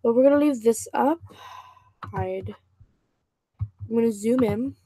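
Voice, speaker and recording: A woman's voice: a little high, slow pace, mellow, a little hiss or hum, poor audio. A woman casually reading a novel aloud, stumbling and restarting over words now and then. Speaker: reader and channel host.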